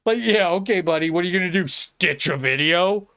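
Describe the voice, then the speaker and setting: A man's voice: high-pitched, fairly quick, sharp tone, smooth. A man hosting a podcast, sarcastically mocking and ranting with lots of profanity. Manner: mocking, sarcastic, profane, laughing between jabs. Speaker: podcast host. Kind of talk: ranting reaction commentary.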